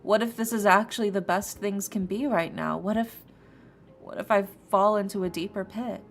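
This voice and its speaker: A woman's voice: fairly even intonation, slight background noise, natural voice. A woman putting on a sultry tarot reader voice. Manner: breathy, low and slow, half-whispered. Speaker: streamer. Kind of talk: tarot reading for chat. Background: soft lo-fi music.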